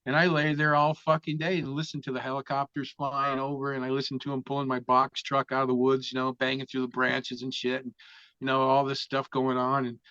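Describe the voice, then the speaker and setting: A man's voice: medium pitch, monotone, brisk, sharp tone, smooth, dry recording. A man telling a story as an interview guest, casual and full of swearing. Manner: profane, vivid storyteller. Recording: dull, dry lo-fi sound.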